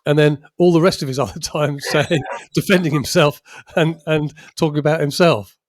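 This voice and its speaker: A man's voice: on the high side, fairly even intonation, moderate pace, no echo, studio quality. A man co-hosting a football podcast in casual chat, chatty and often laughing through his sentences. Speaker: podcast co-host.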